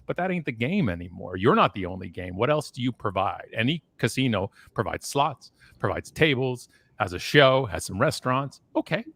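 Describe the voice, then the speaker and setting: A man in his forties on a video call, telling stories in a casual, animated way that often slides into a rant. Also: medium pitch, moderate pace, vocal fry, breathy edge, no echo. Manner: animated ranting storyteller. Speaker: guest. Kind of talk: casual chat on a live stream.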